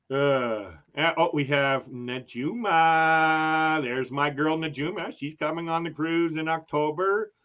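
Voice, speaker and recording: A man's voice: on the high side, takes it slowly, a bit bright, dull audio. A man hosting a casual travel livestream, chatting and reading viewer comments aloud with frequent laughs. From Canada. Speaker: travel channel host.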